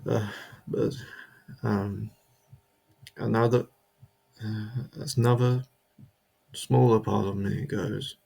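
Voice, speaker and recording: A man's voice: fairly low pitch, fairly even intonation, slow pace, creaky, pauses often, warm tone, breathy edge. A man delivering a comedic character monologue, rambling and stammering, repeating himself as he justifies himself.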